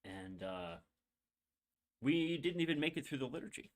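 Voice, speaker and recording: A young man hosting a podcast, his voice a little high with big swings in pitch, recounts a long story from his own life at a moderate pace. He's candid and rambling, with lots of fillers and digressions, and he's emotional, holding back tears.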